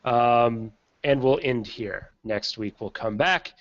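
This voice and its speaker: A man narrating a tabletop game as game master, in a relaxed, chatty way with frequent ums. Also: mid-range voice, slow pace, dry recording. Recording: slightly dull lo-fi recording.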